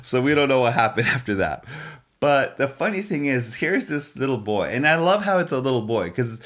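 A man giving an encouraging faith-based talk in a relaxed, conversational way, with frequent chuckles and "you know". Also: medium pitch, fairly quick.

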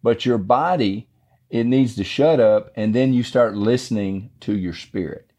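A man's voice: medium pitch, measured pace, dark tone. A man hosting a devotional podcast, teaching the Bible in a casual, folksy, rambling way.

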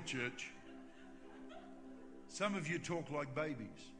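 An older man preaching a sermon as pastor, emphatic and building to shouts in prayer. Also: fairly high pitch, lively intonation, unhurried. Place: large church hall. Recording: long hall reverb with music.

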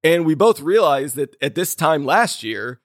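A man hosting a film podcast, chatting casually and rambling with quick restarts and laughs. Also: on the high side, very animated, no room sound, clean studio sound. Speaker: podcast host.

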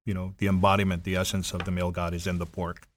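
A man in his fifties from Hawaii, with a Hawaiian Pidgin-tinged accent, telling a story in a casual, animated way. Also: sits low, quick pace. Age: 50s. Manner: animated, acts out voices in stories. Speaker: guest storyteller.

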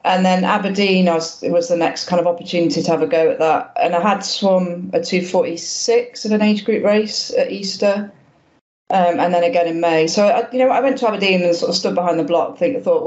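A woman in her fifties talks casually as a podcast guest, pausing often and restarting her sentences. She sounds modest about her achievements. The audio is a touch dull and lo-fi. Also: lowish voice, fairly even intonation, a little mellow. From Wales. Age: 50s. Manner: hesitant, lots of ums and restarts, self-deprecating. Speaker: guest, masters swimmer. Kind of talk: casual interview chat.

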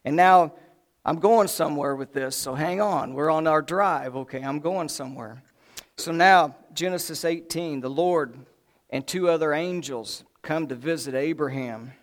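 Folksy male preacher, slightly high voice. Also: measured pace. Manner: animated, folksy, joking asides. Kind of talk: sermon.

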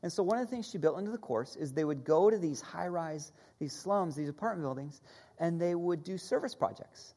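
Lively woman preaching a sermon. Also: lowish voice, brisk. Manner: animated teaching, leads the audience in call-and-repeat.

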